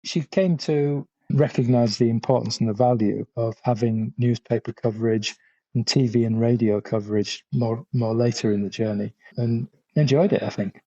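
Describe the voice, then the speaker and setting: A man giving measured, slightly hesitant commentary as a podcast guest. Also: mid-range voice, fairly even intonation, warm tone, no room sound. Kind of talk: conversational commentary. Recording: dull lo-fi recording.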